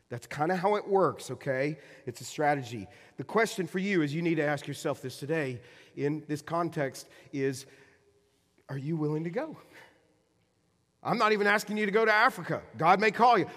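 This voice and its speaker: Male pastor, casual joking sermon delivery, quiet to loud swings, slightly high voice, reverberant hall.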